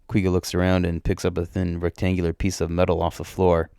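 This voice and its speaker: A man narrating a story in the first person, in a plain, steady way. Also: low-pitched, quick pace, vocal fry, clear, resonant tone, no room sound, studio quality.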